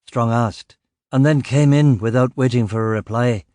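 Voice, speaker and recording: A man's voice: mid-range voice, fairly even intonation, normal speed, darkish tone, dry recording, clean studio sound. A man reading a first-person crime audiobook in a wry, matter-of-fact manner. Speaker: audiobook narrator.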